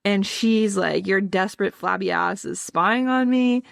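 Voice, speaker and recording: Gravelly-voiced woman recapping a book. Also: medium pitch, unhurried. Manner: chatty, laughs often, reads passages aloud. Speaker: podcast co-host. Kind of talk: casual book recap chat.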